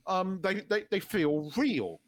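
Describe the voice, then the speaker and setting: Man, podcast co-host, slightly high voice, casual rambling chat, sweary, laughs a lot. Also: big pitch swings, takes it slowly. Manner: rambling, sweary, laughs often, many restarts.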